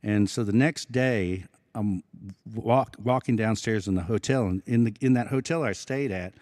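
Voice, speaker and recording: An Osage man from Oklahoma, a film actor speaking as an event guest, telling stories in a halting, earnest way with many restarts. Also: lowish voice, darkish tone, no echo, studio quality. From Osage Nation, Oklahoma. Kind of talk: casual storytelling talk. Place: public evening event.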